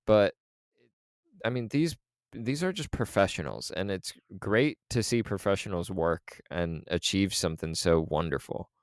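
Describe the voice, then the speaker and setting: A man's voice: sits low, animated, measured pace, smooth, no room sound, clean studio sound. A man co-hosting a podcast, chatting casually in a rambling, filler-heavy way as he tells stories. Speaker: podcast co-host. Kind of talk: casual chat.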